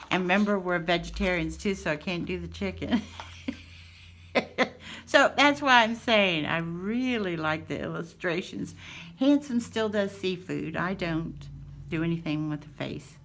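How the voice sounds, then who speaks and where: A woman's voice: fairly low pitch, fairly bright tone, slight background noise. An older woman hosting a craft channel, showing her finds in a gushing, sweet way with little laughs. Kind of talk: casual show-and-tell chat.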